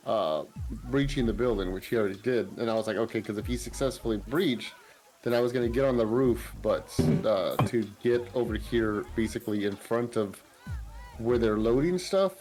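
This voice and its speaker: Low-voiced player rambling through his plan. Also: normal speed, a little mellow, rough recording. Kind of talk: casual game talk.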